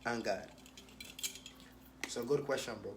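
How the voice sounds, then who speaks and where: A young man with a thick Virgin Islands accent talks in an easygoing, streetwise way, tossing in tag questions as he answers fan questions. His voice sits at an ordinary middle pitch, and a faint hiss runs under it. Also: measured pace. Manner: laid-back, streetwise, with repeated tag questions. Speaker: rapper. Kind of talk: casual Q&A, reading questions aloud.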